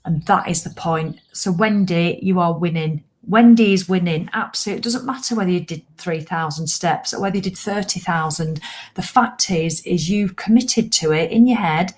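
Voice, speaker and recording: Woman, slightly low voice, chatty, encouraging, live host. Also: normal speed. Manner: chatty, encouraging, acts out grumbling viewers. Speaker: host of a walking challenge livestream. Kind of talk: casual live chat to viewers.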